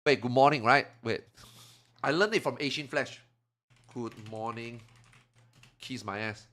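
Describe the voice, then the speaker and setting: A man streaming a game, muttering to himself and then breaking into loud, sweary rants, switching between English and Chinese. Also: a little slow, pauses often. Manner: swings from low muttering to loud angry outbursts, swearing. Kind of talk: casual live-stream talk.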